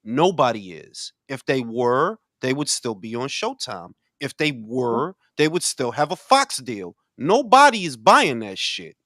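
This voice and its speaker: An older man hosting a casual boxing talk show, profane and loud, swinging between shouting and muttering. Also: medium pitch, sing-song, measured pace, hardly any pauses, no echo, clean studio sound. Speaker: boxing podcast host. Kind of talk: casual chat.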